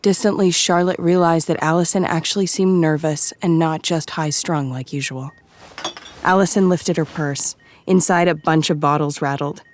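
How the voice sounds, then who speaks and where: A woman giving measured, scripted audiobook narration. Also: low-pitched, fairly even intonation, a little hiss or hum.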